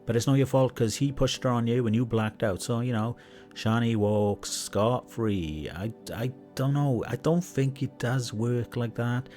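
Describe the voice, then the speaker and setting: A man's voice: mid-range voice, measured pace, a little mellow, faint music behind. A man commentating on online drama, mocking and lecturing the person in the clips. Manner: mocking, lecturing, talks straight to the subject. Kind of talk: sarcastic commentary on a livestream.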